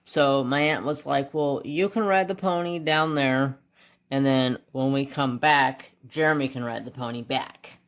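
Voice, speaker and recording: This American man, who hosts a craft channel, colors while casually talking, wandering from his color choices to an extended story about his childhood. His ordinary mid-pitched voice is clean and a little slow, murmuring softly during decisions and rising with animation as the story gets going.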